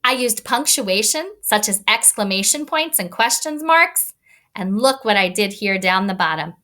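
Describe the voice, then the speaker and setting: A woman teacher giving an online read-aloud lesson to young children, talking in an expressive, kid-directed way. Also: medium pitch, moderate pace. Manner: animated, expressive teacher voice addressing kids. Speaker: elementary school teacher.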